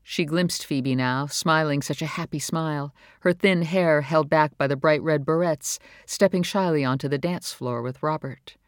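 A narrator reading a novel in a calm, measured storytelling manner. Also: mid-range voice, smooth, no echo, studio quality. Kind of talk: audiobook narration.

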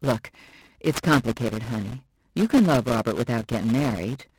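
Casting: worried middle-aged mother, gentle yet firm, read by an audiobook narrator, dry sound. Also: mid-range voice, lively intonation, moderate pace, breathy edge, no echo, pitched below the performer's own voice, low-quality recording. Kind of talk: audiobook character voice.

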